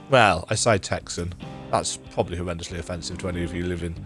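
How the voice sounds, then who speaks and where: A man's voice: sits low, fairly even intonation, fast, fairly bright tone, faint music behind. A man with a strained, tired voice giving rambling, self-deprecating commentary while playing a story game. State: strained, worn-out voice. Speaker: game streamer. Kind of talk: casual let's-play commentary.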